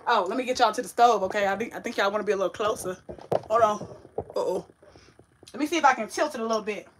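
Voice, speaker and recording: A woman's voice: mid-range voice, fast talker, noisy background. A woman hosting a casual home-kitchen cooking livestream, chatty and sassy, talking straight to her viewers. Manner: chatty, animated, talks to viewers, sassy Southern-flavored slang. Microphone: ring light setup.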